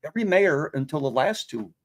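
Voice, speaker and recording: An older man with a gravelly, creaky voice, recalling his past in a relaxed interview. He rambles from one memory to the next at an easy, conversational pace. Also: on the high side, a little fast. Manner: rambling storyteller. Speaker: guest, veteran. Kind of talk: casual interview.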